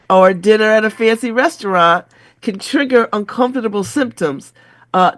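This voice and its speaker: Congested woman radio host, slow and dry. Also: mid-range voice, no echo. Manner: chuckles between remarks, chatty asides. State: congested, stuffy nose. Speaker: radio talk show host. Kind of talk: casual radio talk, reading an article aloud.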